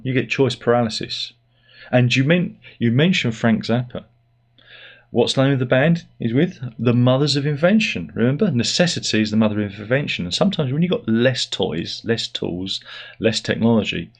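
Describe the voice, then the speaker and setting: A man's voice: medium pitch, animated, moderate pace, gravelly. A middle-aged man giving a rambling, sardonic and self-deprecating opinion monologue as host of his own channel. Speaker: YouTube host.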